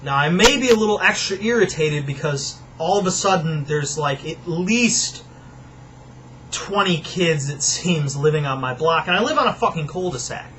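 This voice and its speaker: A man's voice: fairly high pitch, lively intonation, normal speed, fairly bright tone, slight background noise, low-quality recording. A young man at home delivering an angry, profane, sarcastic rant to his viewers. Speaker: vlogger. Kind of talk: profane ranting monologue.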